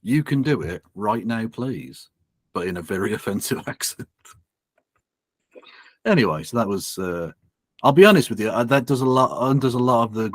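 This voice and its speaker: A man's voice: low voice, husky, no room sound, studio quality. Sweary sardonic man streaming. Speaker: streamer reacting to a video. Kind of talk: casual livestream chat.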